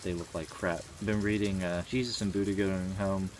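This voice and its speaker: A man's voice: sits low, little pitch movement, moderate pace, slight background noise. A man in his twenties talking casually and earnestly to camera, rambling with many fillers and the odd swear word. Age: 20s. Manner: rambling, frequent "you know" fillers. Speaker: vlogger. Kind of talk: casual reflective monologue.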